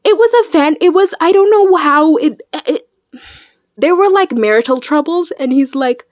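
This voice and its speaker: A woman chatting casually in a reaction video, animated and slangy, swearing freely. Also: high-pitched, normal speed, no echo, studio quality. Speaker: video creator.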